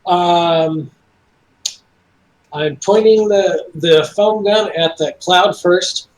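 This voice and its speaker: A man playing a tabletop game, describing his moves and making laid-back jokes. His voice sits high for a man, and he talks slowly and unhurriedly. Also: rough recording. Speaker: player.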